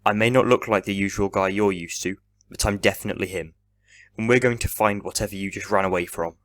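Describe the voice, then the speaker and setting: A man's voice: on the low side, fairly even intonation, fast, no echo, natural voice. A man reading as a breezy ancient time traveller. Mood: calm. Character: ancient eccentric male time traveller, cheerful. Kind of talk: fan audio drama reading.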